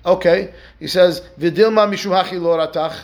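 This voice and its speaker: Male rabbi teaching Talmud, with a raised pitch and a gravelly edge. He reads the text aloud, then unpacks it in a conversational question-and-answer way. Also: fairly even intonation, normal speed. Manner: explains step by step, asks and answers rhetorical questions; keeps checking in with "right?". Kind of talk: Talmud study lesson.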